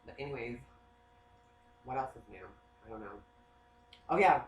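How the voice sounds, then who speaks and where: A man who works as a psychic, talking in a casual, rambling monologue. He swears a lot and gets excitable. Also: mid-range voice, normal speed. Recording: echoey room, faint noise.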